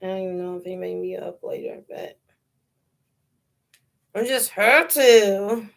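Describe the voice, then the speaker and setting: A young woman with a medium-pitched voice and vocal fry chats on her phone livestream in a New York accent. Originally from New York City, she speaks slowly and lingeringly, laughing often and peppering her talk with slang.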